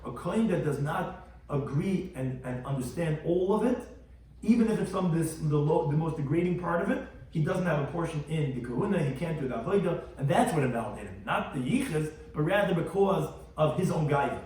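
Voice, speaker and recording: Male rabbi, Talmud lecture, quick and animated, explains each term, boomy room and distant mic. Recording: very echoey room, mic far off.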